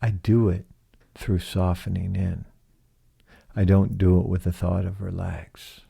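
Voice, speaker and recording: A man hosting a reflective solo podcast, speaking slowly and softly and asking many rhetorical questions. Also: low voice, level tone, vocal fry, breathy edge. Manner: slow, soft-spoken, asks many rhetorical questions. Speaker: podcast host.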